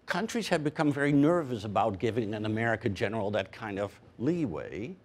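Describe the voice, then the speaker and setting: A man speaking as a panelist, measured and emphatic, pausing with fillers. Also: medium pitch, a little mellow. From Canada. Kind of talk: panel discussion.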